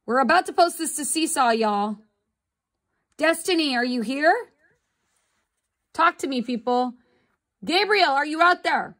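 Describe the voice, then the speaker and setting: A woman's voice: sits high, expressive, a little slow, pauses often, fairly bright tone. Upbeat woman teaching art online. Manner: upbeat, chatty, coaxing students to respond. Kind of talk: live online drawing lesson. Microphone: computer mic on a video call.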